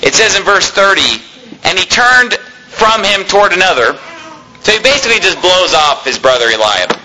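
Male preacher, high and piercing tone; reads scripture, then explains it plainly and emphatically. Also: sing-song, normal speed, sharp tone, low-quality recording. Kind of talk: sermon.

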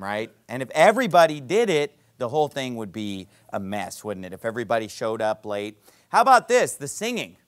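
A man's voice: sits high, a bit bright. A middle-aged man preaching a sermon to his congregation as pastor, with emphatic rises and drops and many rhetorical questions. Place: church auditorium.

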